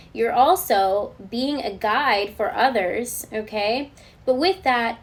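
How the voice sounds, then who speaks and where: A woman of middling pitch gives a tarot reading straight to her viewers. She speaks in an earnest, spiritual way and keeps checking in to reassure them. A faint hiss sits under her voice. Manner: reassuring, often checks in with the listener. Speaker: tarot card reader. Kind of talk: spoken tarot reading, channeled guidance.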